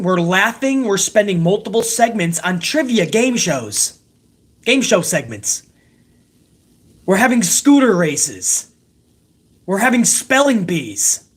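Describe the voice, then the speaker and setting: A man's voice: high-pitched, very animated, a little slow, husky. Foul-mouthed man ranting about wrestling. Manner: heated, sarcastic, heavy swearing. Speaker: wrestling show host. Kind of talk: profane ranting show recap.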